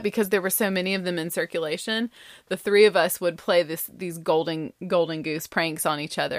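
A woman telling a personal story in a casual, animated way, dropping into hushed asides. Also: lowish voice, dry recording, clean studio sound. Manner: animated, dramatic, slips into voices and hushed whispers.

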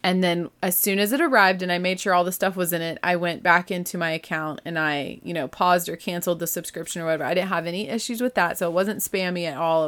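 A woman's voice: fairly low pitch, fairly bright tone. A woman hosting her own podcast, talking casually and gushingly with lots of fillers and asides. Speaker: podcast host. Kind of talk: casual solo chat.

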